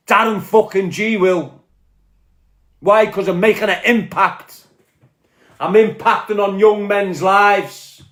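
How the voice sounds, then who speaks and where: A man's voice: high-pitched, echoey room. A man with a Scouse accent from Liverpool, delivering an angry, profane, confrontational rant to camera. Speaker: online commentator.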